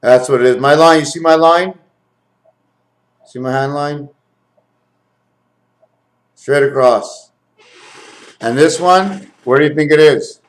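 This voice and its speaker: A man talking to his camera in a rambling home video, counting numbers aloud, correcting himself and getting excited over what he finds. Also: fairly high pitch, takes it slowly, long pauses. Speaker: video maker.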